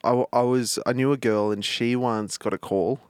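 A man's voice: mid-range voice, fairly even intonation, a little mellow, clean tone, no echo. Male comic, mid-range voice, easygoing podcast chat. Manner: laid-back, chatty, quick to laugh. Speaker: comedian and podcast co-host. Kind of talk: casual banter.

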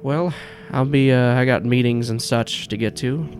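A man's voice: mid-range voice, steady tone, normal speed, voice pushed up, natural voice. A man voicing a stoic, fatherly older leader with a slight New York accent who talks out of the side of his mouth around a cigar. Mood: genial. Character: stoic paternal older male headquarters leader.

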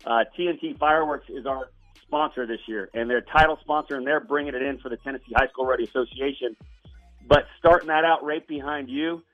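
A man's voice: medium pitch, a little fast, soft background music. A man calling in by phone, a rodeo announcer, talking like a hyped-up showman. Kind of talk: phone interview. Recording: dull phone-line audio.

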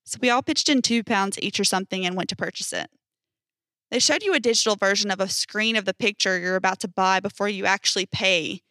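Female storyteller, bright tone, dry booth sound, casual delivery. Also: medium pitch, fairly quick, no room sound. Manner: casual storytelling with emphatic swearing. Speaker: narrator reading posts. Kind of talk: reading stories aloud.

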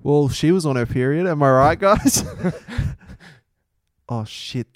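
A man playing an oblivious, inappropriate drama teacher in a flat, matter-of-fact tone, recorded dry and close. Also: fairly high pitch, takes it slowly, no echo. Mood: deadpan.

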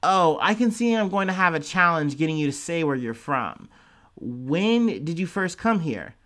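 A man's voice: on the high side, expressive, moderate pace, a bit bright. A man reading the lines of an elderly upper-class woman who keeps pressing with condescending, insistent questions. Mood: prying.

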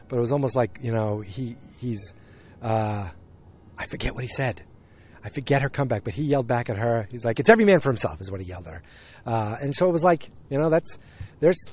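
A man's voice: mid-range voice, darkish tone. A man casually retelling a TV episode, rambling with lots of fillers and quoted lines. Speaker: podcast host recapping a TV episode. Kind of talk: casual chat.

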